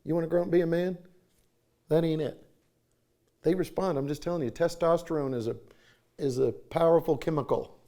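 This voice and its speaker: A middle-aged man with a drawl delivers a sermon in a church. His voice sits a little high for a man, and he talks in a folksy way, slipping into voices for his stories. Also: a little fast, long pauses, dark tone. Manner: folksy, acts out voices in anecdotes. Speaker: conference speaker. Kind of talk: sermon with storytelling. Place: church sanctuary.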